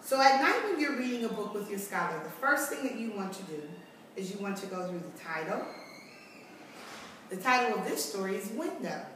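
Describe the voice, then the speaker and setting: Echoey distant kindergarten teacher. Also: female voice, mid-range voice, animated, a bit bright, a little hiss or hum. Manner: slow, clear teacherly explanation with rhetorical questions. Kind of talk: recorded tutorial lesson for parents and children.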